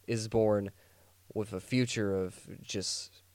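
A man's voice: fairly low pitch, fairly even intonation, slow pace, a little mellow, no echo. A man hosting a podcast, telling a true-crime story as a rambling, jokey monologue full of restarts and sarcastic asides. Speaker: podcast host.

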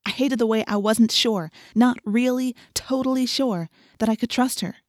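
A woman reading a first-person audiobook in a steady, intimate storytelling manner. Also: fairly high pitch, normal speed, no room sound, studio quality. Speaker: audiobook narrator.

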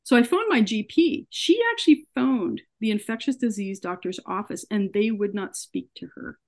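A woman's voice: medium pitch, animated, moderate pace. A woman, a podcast guest, earnestly telling a personal story and acting out what people said to her. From Canada. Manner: earnest, recounts events by acting out quoted dialogue. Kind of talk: personal story told in an interview.

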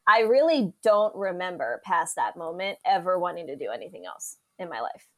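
A woman meteorologist as a podcast guest, telling stories in a casual, animated way and acting out the quoted voices of the people in them. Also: on the low side, moderate pace. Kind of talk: casual storytelling interview.

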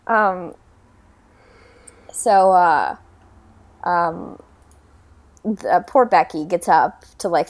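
A young woman co-hosting a podcast, casually recapping a movie with lots of ums and cheerful swearing. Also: lowish voice. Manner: rambling, many ums, swears freely, mock voices for characters. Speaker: podcast co-host.

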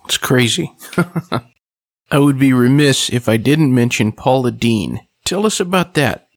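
A man's voice: mid-range voice, animated, slow, dry recording, studio quality. A man hosting a podcast interview, asking the guest questions with enthusiasm. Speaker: podcast host.

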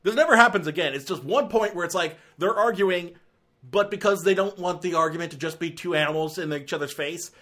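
A man with a fairly high voice, reviewing a film in a loose, rambling way. He sounds exasperated and circles back on his points, with lots of fillers and restarts. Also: brisk, a bit bright. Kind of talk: casual spoken review.

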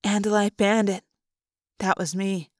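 A woman narrating a novel in the first person, calm and steady, in a fan audiobook. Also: medium pitch, measured pace, no echo, studio quality. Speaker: audiobook reader.

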